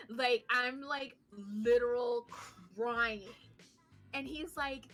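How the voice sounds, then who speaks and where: A woman co-hosting a podcast who tells a story in a casual, animated way, swearing freely and poking fun at herself. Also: a little high, measured pace. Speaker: podcast co-host.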